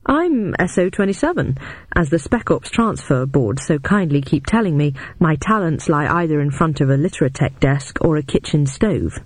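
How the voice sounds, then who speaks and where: A man's voice: a little high, animated, no room sound. A man voicing a blunt young woman detective. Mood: wry. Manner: questioning, frank, quick.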